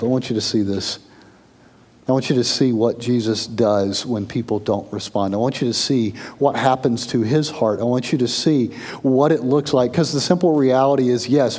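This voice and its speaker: Man preaching an intense sermon. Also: darkish tone. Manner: reads scripture aloud, rising in intensity then dropping low. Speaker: pastor.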